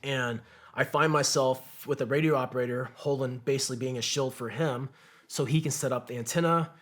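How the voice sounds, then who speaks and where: Guy on a podcast telling a war story, swears a lot, mid pitched voice, acts out what his buddies said. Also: steady tone, fairly quick, a bit bright. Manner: profane, vivid war storytelling; acts out quotes of others. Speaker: podcast guest, combat veteran. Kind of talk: storytelling in conversation.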